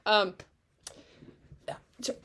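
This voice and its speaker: A woman co-hosting a casual podcast, talking in an animated way, swearing freely, often trailing off and starting over. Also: drawn-out words, a little hiss or hum. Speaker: podcast co-host. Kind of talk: casual chat.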